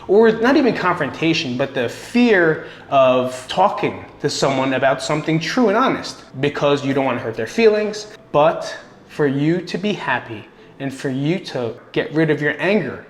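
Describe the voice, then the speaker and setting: A man's voice: on the high side, expressive, normal speed. Blunt earnest man in an echoey room. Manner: blunt, earnest, swears casually, repeats words for emphasis. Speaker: vlogger sharing coping tips. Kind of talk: casual personal advice talk.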